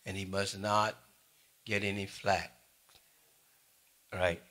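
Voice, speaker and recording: A man preaching a sermon, swinging between loud calls and quiet asides to his congregation. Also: sits low, level tone, takes it slowly. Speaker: pastor.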